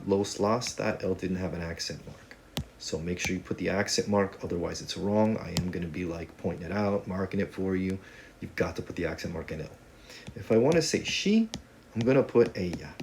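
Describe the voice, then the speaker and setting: A man's voice: low voice, darkish tone, slight background noise. A man teaching a casual video lesson on Spanish grammar, talking in a conversational, joking way with playful asides.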